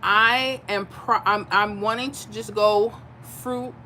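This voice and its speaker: A woman's voice: mid-range voice, fairly even intonation, slow, bright, forceful tone, slight background noise. A woman hosting a casual livestream, chatting with viewers and answering their comments in a candid, tired way. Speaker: livestream host reading chat.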